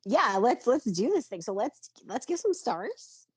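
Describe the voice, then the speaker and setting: A woman co-hosting a podcast in a casual chat, steering the talk along in a relaxed way. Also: fairly high pitch, unhurried, a crowd in the background. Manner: relaxed, wraps up segments. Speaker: podcast co-host. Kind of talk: casual chat about a soap opera.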